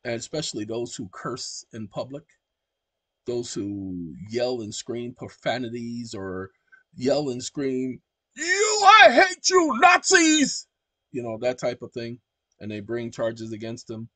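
Husky, emphatic male channel host. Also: medium pitch, measured pace, a little mellow, dry recording. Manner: emphatic and preachy, keeps addressing the audience directly. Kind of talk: casual explanatory monologue.

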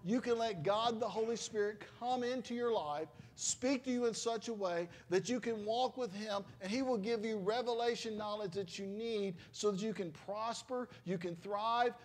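A man's voice: sits high, normal speed, few pauses. A middle-aged man, a pastor, preaching a sermon in a conversational, emotional storytelling manner with exclamations.

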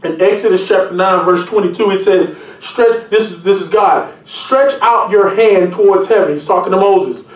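A man preaching a sermon as pastor, reading scripture aloud and breaking into jokes and lively asides. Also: high voice, far from the mic. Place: church. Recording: echoey room, mic from afar.

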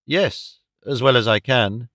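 A man reading the part of an uneasy, earnest middle-aged gentleman who speaks hesitantly and feels he is growing old. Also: medium pitch, measured pace, dry recording, clean studio sound, natural voice.

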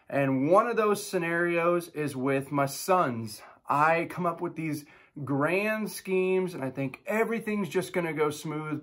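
A pastor in his thirties preaches a devotional in an easy, conversational manner. He tells stories warmly and with energy, and his voice sits slightly high for a man. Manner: storytelling with animated impressions of his kids. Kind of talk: devotional sermon.

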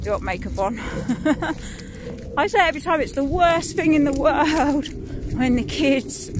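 A woman's voice: high-pitched, expressive, takes it slowly. A British woman in her thirties, a mother, chatting and rambling to her phone while out walking in the countryside, laughing often. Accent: British English. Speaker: vlogger. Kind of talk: casual chat. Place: outdoors on a rainy country walk. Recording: loud wind and rain noise outdoors.

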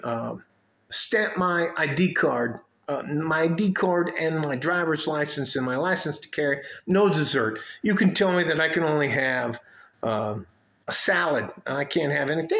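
A man telling a story in a casual vlog rant, animated, blunt and profane as he speaks to his viewers. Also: on the high side, roomy sound. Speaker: vlogger addressing his viewers.

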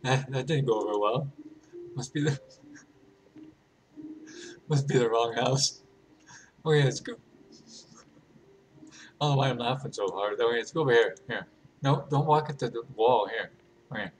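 A man talking casually through a game, playful and thinking aloud as he goes. He laughs easily at what happens on screen, and his voice sits at an ordinary middle pitch. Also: moderate pace, pauses often, a little hiss or hum. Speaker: gaming channel host.

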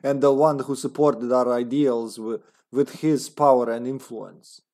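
A man's voice: medium pitch, fairly even intonation, measured pace, darkish tone, close to an everyday voice. A man doing a mock-Russian terrorist. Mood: solemn. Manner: solemn, reading aloud with a put-on comrade accent. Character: grim male terrorist agent writing a diary. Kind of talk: reading game text aloud.

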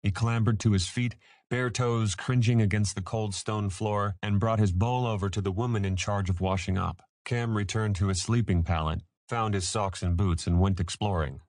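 Clean studio audio with no echo carries a man's lowish voice as he narrates an audiobook. His scripted reading is steady and measured.

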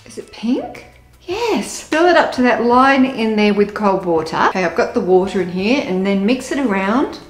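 A young woman chatting casually in a taste-test vlog, bubbly and gushing, breaking into excited squeals. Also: medium pitch, fairly quick, few pauses, faint music behind. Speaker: food taste-test vlogger.

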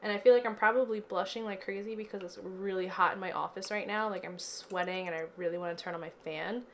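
A woman's voice: mid-range voice, steady tone, fast, a little hiss or hum. A woman chatting casually through gameplay commentary from her home office, giggly and filling her talk with "like" and "um". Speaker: let's play gamer.

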